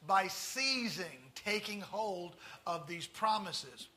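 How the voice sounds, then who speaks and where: A man with a Tennessee accent preaching a sermon, stressing key words slowly and turning to the congregation with folksy asides. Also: sits high, bright, forceful tone. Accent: Southern US, Tennessee.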